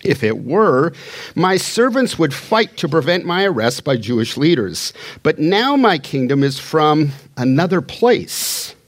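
A man's voice: a little high, very animated, a little slow. A man preaching a sermon, teaching a Bible passage in a conversational way and paraphrasing the dialogue as he goes.

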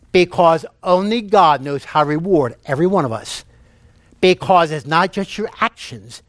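A man's voice: a little high, no echo. A man preaching a sermon, telling jokes and repeating key phrases for emphasis.

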